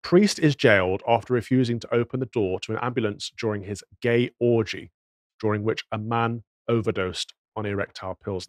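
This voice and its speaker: A man's voice: fairly low pitch, no echo. A man giving indignant, moralizing commentary on news clips, full of rhetorical questions. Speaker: podcast commentator.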